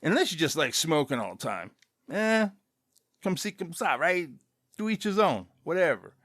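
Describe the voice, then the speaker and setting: A man hosting his own podcast, rambling loosely and casually with chuckling asides, relaxed after an edible. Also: on the high side, normal speed, dry recording, studio quality. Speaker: podcast host.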